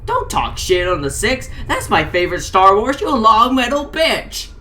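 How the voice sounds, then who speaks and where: A woman voicing a crude, gleeful toy potato man who drawls his taunts slowly. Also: medium pitch, big pitch swings, sharp tone. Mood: outraged.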